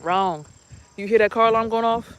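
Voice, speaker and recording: A woman's voice: on the high side, moderate pace, slight background noise. A woman vlogging as a spiritual healer, talking casually and rambling bluntly through her stories, with some swearing. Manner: blunt, profane, rambling storytelling.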